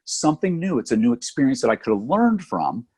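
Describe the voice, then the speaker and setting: A middle-aged podcast co-host tells a story in casual chat, animatedly acting out the voices of the people involved. His mid-range voice moves a little fast and has a breathy edge.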